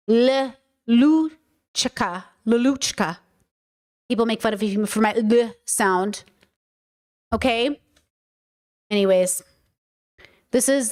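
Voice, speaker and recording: In a relaxed, wandering livestream chat, a host from the United States keeps things playful with plenty of swearing and repeated words for emphasis. Her smooth voice sits slightly above the typical female range, and she's talkative throughout.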